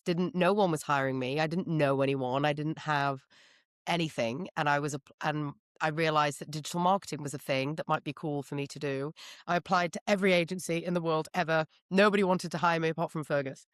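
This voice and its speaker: A woman guest on a podcast interview, telling her story in a lively, candid way. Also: low-pitched, a little fast, no room sound, clean studio sound. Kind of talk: casual interview chat.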